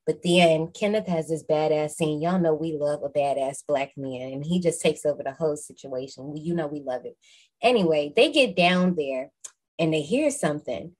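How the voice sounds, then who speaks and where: A woman hosting a podcast, recapping a movie in a lively, slangy, casual way with some swearing. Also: low voice, normal speed. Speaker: podcast host.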